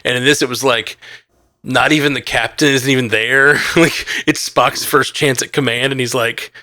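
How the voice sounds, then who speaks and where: A man's voice: medium pitch, steady tone, moderate pace, bright, forceful tone, dry recording, clean studio sound. A man co-hosting a podcast, talking animatedly in a casual review chat, full of "like" and restarts. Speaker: podcast co-host.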